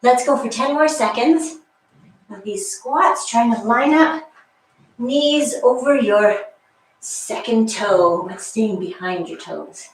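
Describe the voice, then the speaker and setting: A woman's voice: a little high, slow. A woman leading a guided workout class, counting reps with chatty asides and slightly out of breath. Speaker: fitness instructor. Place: exercise room with a wall. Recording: echoey room, mic far off.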